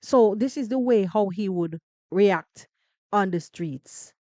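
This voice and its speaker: A woman from Jamaica with a Jamaican accent, giving animated, emphatic commentary on a live podcast and repeating phrases for effect. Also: medium pitch, takes it slowly, dry recording. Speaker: podcast host.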